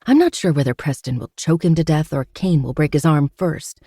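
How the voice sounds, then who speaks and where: A woman's voice: sits low, fairly quick, dark tone, breathy edge, no room sound, studio quality. A woman narrating a first-person novel with dramatic storytelling.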